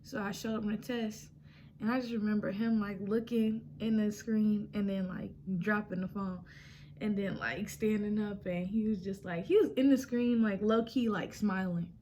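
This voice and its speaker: Young woman vlogger, animated retelling, average pitch, light background noise. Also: normal speed. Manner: chatty, animated retelling with acted-out quotes. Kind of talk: casual storytime vlog.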